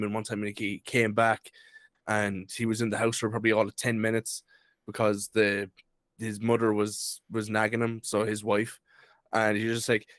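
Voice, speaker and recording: A man's voice: fairly low pitch, flat delivery, a little fast, a bit bright, no echo. A man with an Irish accent, co-hosting a casual podcast, retelling clips he has seen and laughing along. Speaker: podcast co-host. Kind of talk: casual chat.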